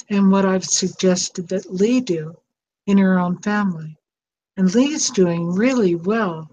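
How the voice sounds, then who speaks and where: Slow, earnest older woman. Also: mid-range voice, a little mellow, a little hiss or hum, low-quality recording. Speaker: host. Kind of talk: heartfelt advice talk.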